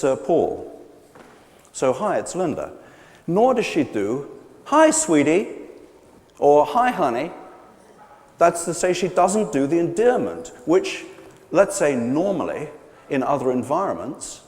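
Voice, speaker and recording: A man lecturing to a live audience in a large pavilion. His pitch rises and falls a lot as he explains, and he often stops to hesitate and restart. His voice trails off into a long hall reverb. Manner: animated, hesitant with many fillers and restarts.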